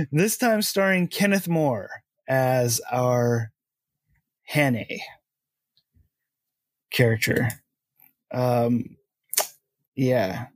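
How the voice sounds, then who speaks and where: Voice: medium pitch, very slow, pauses often, dry recording. A podcast host chatting about old films, laughing often and stumbling over names. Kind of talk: casual chat.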